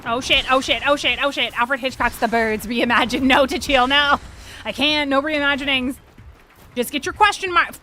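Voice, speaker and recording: A woman streaming a video game, chatting to her viewers, swearing freely and reacting fast to the gameplay. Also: sits high, steady tone, bright, forceful tone, a little hiss or hum. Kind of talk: casual gameplay livestream chat.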